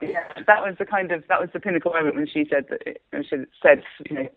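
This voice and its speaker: A woman playwright and performer being interviewed, talking in a rambling, animated way with frequent restarts and laughter. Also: low-pitched, fast talker, creaky, few pauses, no room sound. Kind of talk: casual interview chat. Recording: tinny phone line, dry.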